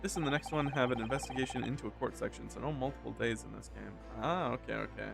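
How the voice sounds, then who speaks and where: Excitable man streaming a game. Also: mid-range voice, fast, vocal fry, hardly any pauses. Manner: excitable, joking, laughing. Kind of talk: casual let's-play commentary. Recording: game music behind the voice.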